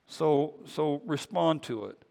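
Gravelly pastor preaching in a hall. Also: male voice, fairly high pitch, takes it slowly, darkish tone. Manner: conversational preaching, repeats words. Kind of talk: sermon. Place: church sanctuary. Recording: long reverb of a church hall.

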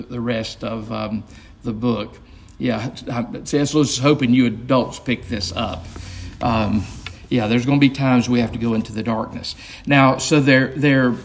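Gravelly, husky pastor teaching. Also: male voice, mid-range voice. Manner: earnest, explaining, reads aloud with asides. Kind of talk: Bible study talk with read-aloud.

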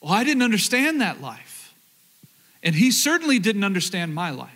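Southern pastor, male, higher voice, earnest sermon storyteller who restarts phrases. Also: sing-song, moderate pace, fairly bright tone. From rural Oklahoma, USA. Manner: earnest, repeats words, addresses the crowd.

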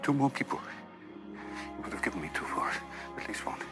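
A grief-stricken man , played by an actor, breaks down and laments in halting, sobbing phrases, his voice lurching widely in pitch. His cries climb in anguish. Loud orchestral film music swells beneath him. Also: lively intonation, natural voice. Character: grief-stricken man regretting those he failed to save. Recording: film audio under loud score.

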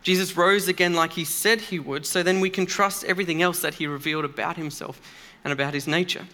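A man's voice: fairly high pitch, fairly even intonation, fast, pushed and bright. A man preaching a sermon in a church, earnest and emphatic, speaking conversationally with occasional fillers.

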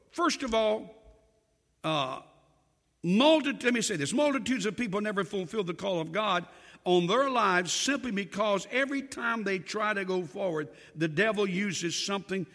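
A man preaching a sermon, telling Bible stories with animated storytelling and acting out the dialogue. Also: sits high. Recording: long hall reverb.

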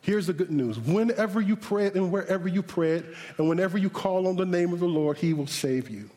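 A male pastor preaching an animated, humorous sermon with shouted bursts, then praying in a softer voice. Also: high-pitched, fairly quick. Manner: closes in a softer prayer. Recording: reverberant hall.

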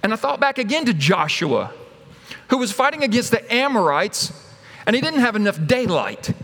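A man's voice: high-pitched, sing-song, moderate pace, a bit bright. A man preaching a sermon, telling the story dramatically and acting out its voices. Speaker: pastor. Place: church sanctuary. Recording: long hall reverb.

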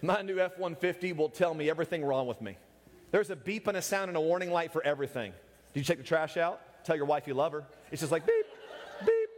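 A man's voice: a little high, fast. A man preaching a humorous sermon, joking and teasing his listeners and laughing often as he goes. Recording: echoey hall with long reverb.

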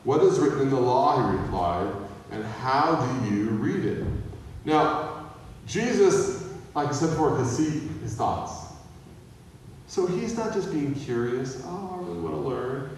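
A pastor giving a conversational sermon, mixing humor and acted-out quotes. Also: male voice, medium pitch, lively intonation, a little slow, a little hiss or hum. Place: church sanctuary. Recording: echoey hall, voice from a distance.

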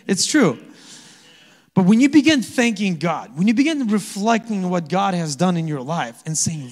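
A man preaching a sermon as pastor, conversational and quick to chuckle, often asking the congregation to answer back. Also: sits high, animated, long reverb tail. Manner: conversational, asks the congregation to respond; chuckles often between points. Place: church sanctuary.

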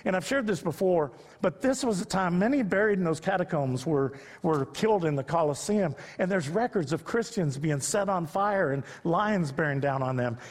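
A man's voice: fairly high pitch, lively intonation, normal speed, hardly any pauses. A man preaching a sermon, telling stories and rising to emphatic peaks. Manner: storytelling preacher, builds to loud emphatic peaks. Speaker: pastor. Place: church sanctuary. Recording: long reverb of a large hall.

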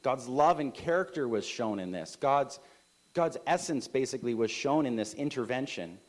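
A man in his thirties preaches his sermon to a congregation. He talks in an easy, conversational way, full of little asides and "right?". His voice sits at an ordinary middle pitch and lifts for emphasis. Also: expressive, normal speed. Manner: conversational, many filler likes and rights, rising emphasis. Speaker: pastor.

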